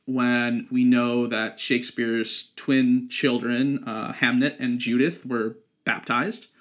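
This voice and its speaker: Young adult male podcast host. Casual, talky explainer. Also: mid-range voice. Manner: chatty, lots of ums and likes.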